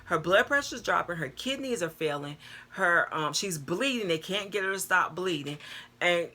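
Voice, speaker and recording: Grandma vlogging, bright kinda low voice, chatty, keeps saying girl and y'all. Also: moderate pace. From North Carolina, US. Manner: animated, addresses viewers as girl and y'all. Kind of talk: casual storytelling to camera.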